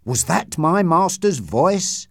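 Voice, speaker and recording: A fearful, deferential old manservant, as a male reader puts him on, pitched up and loud with anxiety. The sound is dry and close. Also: big pitch swings, takes it slowly, no room sound, exaggerated voice. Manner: deferential, anxious, keeps saying sir. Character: frightened old male servant, long-serving, deferential.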